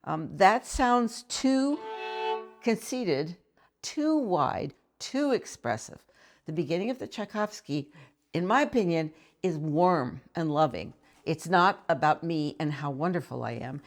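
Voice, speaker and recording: A woman's voice: low voice, expressive, measured pace. A woman violin professor explaining intonation in a thoughtful, conversational way, asking the listener questions between short demonstrations. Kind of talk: instructional explanation with playing demonstrations. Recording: violin playing between phrases.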